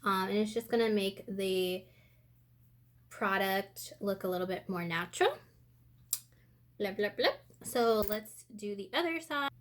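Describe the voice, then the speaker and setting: A woman's voice: mid-range voice, a little slow, pauses often. A woman giving a casual makeup tutorial, chatting and thinking aloud as she works, a little out of breath. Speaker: beauty vlogger. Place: indoor room with sunlight coming in.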